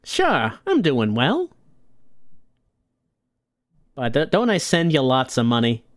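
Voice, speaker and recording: A man voicing an old mother of a gangster who is pious, tearful and scolding, in a high, quavering voice. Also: wildly swooping pitch, slow pace, no room sound, clean studio sound. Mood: reproachful.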